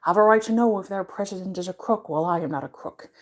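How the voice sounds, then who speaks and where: A woman doing an impression of an older male politician, in a low, heavy voice. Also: fast, darkish tone, close to an everyday voice. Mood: defensive.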